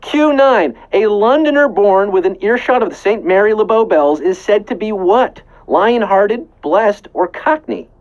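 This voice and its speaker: A quiz show host runs a live trivia game, his high voice lively in intonation yet unhurried, with few pauses and a slightly mellow tone. The audio is poor. Playful and jokey, he makes puns and breaks into bits of song between questions.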